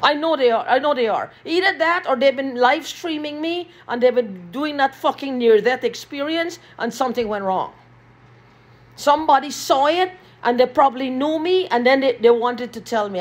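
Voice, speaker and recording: A woman's voice: sits high, animated, normal speed. A woman in an agitated, repetitive vlog rant, swearing often, recorded in a small basement room. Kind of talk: ranting vlog monologue.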